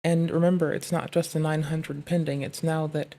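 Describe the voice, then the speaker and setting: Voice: medium pitch, little pitch movement, moderate pace, warm tone. Blunt co-host who keeps interjecting. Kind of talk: casual chat.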